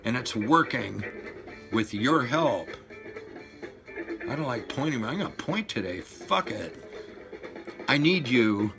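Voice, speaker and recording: A man in his sixties ranting and swearing at his viewers, loud one moment and muttering low the next. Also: creaky. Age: 60s. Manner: fired-up, profane, swings between shouting and low mutters. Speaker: vlogger. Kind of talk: profane rant to camera. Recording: music playing behind the voice.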